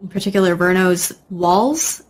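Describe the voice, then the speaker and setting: A woman casting an esports match live, calmly pointing out details of the play. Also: lowish voice, moderate pace. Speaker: esports caster. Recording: game music clearly behind.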